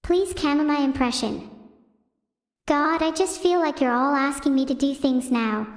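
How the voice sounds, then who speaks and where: A synthetic female voice doing deadpan stand-up comedy on a stream, chatting with viewers. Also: high-pitched, measured pace. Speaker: AI streamer host. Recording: roomy reverberant sound.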